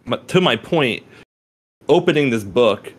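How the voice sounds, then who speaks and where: A man's voice: mid-range voice, lively intonation, unhurried. A young man co-hosting a casual chat about poetry, rambling with many restarts, swearing freely and laughing often. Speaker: podcast co-host.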